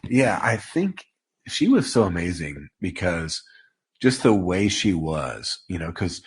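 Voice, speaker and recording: A man guest on a podcast, talking in a heartfelt, halting way, sniffling near tears and joking at himself. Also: low voice, very animated, husky. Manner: heartfelt, halting, self-deprecating. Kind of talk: reflective conversational interview.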